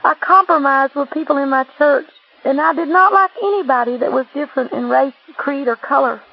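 A woman's voice: high voice, fairly quick, creaky. A woman reading as a damned man pleading for mercy. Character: damned adult man pleading and repenting in hell. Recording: dull lo-fi recording.

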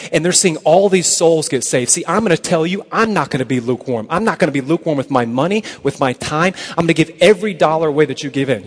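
A man preaching to a youth crowd, telling stories with quoted dialogue and checking in with "okay?" again and again. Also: on the high side. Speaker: evangelist speaker. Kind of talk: evangelistic sermon to a youth crowd. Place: large hall at a youth conference. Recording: long hall reverb.

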